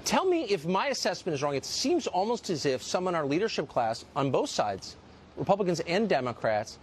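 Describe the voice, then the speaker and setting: Tv news host dude, slightly high husky voice, bouncy delivery, keeps pushing questions. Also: male voice, slight background noise. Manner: probing, presses with pointed questions. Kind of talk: cable news interview.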